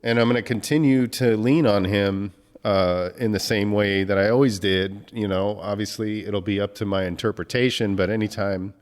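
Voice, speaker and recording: A man hosting a podcast, speaking emotionally in a halting tribute monologue, swearing often and breaking off to collect himself. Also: fairly low pitch, steady tone, big-room sound. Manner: halting, many restarts and fillers, heavy swearing. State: emotional, choked up. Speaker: podcast host.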